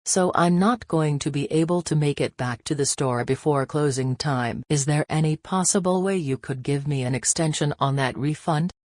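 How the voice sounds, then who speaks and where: A woman voicing a brash, self-absorbed woman in a fan cartoon, sharp-tongued and profane. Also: low voice, moderate pace, hardly any pauses, no room sound, clean studio sound, natural voice. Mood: polite.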